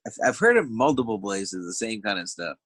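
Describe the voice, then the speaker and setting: A man on a casual podcast adding calm, laid-back remarks. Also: on the low side, a little fast, no echo.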